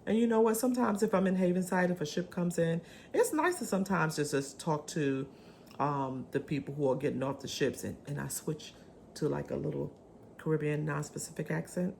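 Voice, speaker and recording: Chatty lower-voiced woman vlogger. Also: fairly quick, creaky, slight background noise. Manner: chatty, animated, swooping pitch, many ums. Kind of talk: casual chat to camera.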